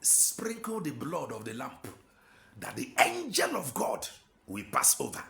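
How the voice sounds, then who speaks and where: A man's voice: medium pitch, huge pitch swings, unhurried, creaky, very noisy. Fervent Igbo-accented man preaching. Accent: Igbo Nigerian. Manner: fervent, exhorting, rhetorical questions, switches in and out of Igbo. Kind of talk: impassioned online sermon.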